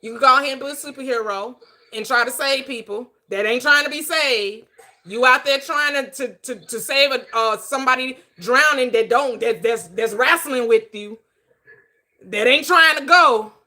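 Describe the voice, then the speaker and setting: A woman's voice: sits high, moderate pace, bright, forceful tone. A woman hosting a casual online panel chat, blunt, teasing and preachy. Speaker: host.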